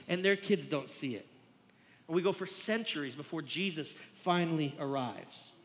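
A man with a high, bright voice preaches an earnest, conversational sermon, speaking plainly to his listeners like a pastor walking them through a passage. His voice rings out with a long hall reverb trailing behind each phrase.

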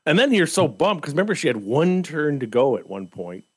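A man co-hosting a podcast in casual chat, telling game anecdotes with lively energy and frequent laughter. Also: a little high, a little fast, breathy edge. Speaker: podcast co-host.

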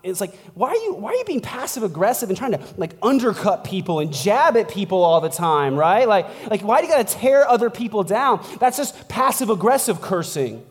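A man with a high, sing-song voice preaches a casual, conversational sermon as a pastor in a church, talking a little fast with hardly any pauses. A long reverb tail trails his words as he chats and laughs, tossing in "like" and "right?"

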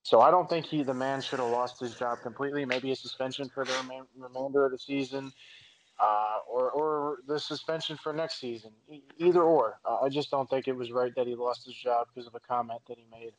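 A man's voice: medium pitch, steady tone, brisk, slight background noise, rough recording. A man giving his opinion in a casual sports chat, hesitant and full of fillers.

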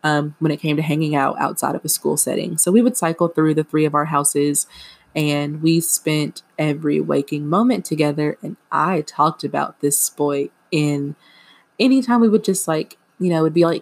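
A woman's voice: low voice, vocal fry. A young woman hosting a podcast, chatting casually and self-deprecatingly with lots of fillers. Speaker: podcast host. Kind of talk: casual confessional chat.

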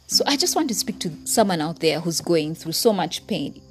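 Earnest woman podcaster with a lowish voice. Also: big pitch swings, normal speed, music in the background. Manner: earnest and heartfelt, speaking directly to listeners. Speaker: podcast host. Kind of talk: personal reflective monologue.

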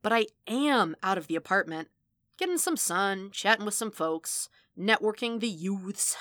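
A woman voicing a brash, joking male mercenary on the phone, loud and theatrical. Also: mid-range voice, animated, measured pace, no room sound. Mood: brash teasing.

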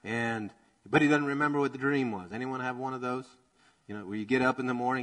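A man preaching a sermon in a church, energetic and conversational, joking and acting out quotes as he goes. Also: mid-range voice, fast, poor audio. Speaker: pastor.

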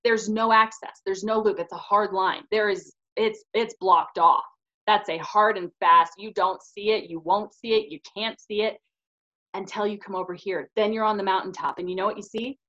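A woman's voice: medium pitch, fairly even intonation, normal speed, pushed and bright. Earnest woman podcast host, lo-fi audio. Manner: earnest, emphatic, many fillers like "you know". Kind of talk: casual spiritual podcast chat. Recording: slightly dull lo-fi audio.

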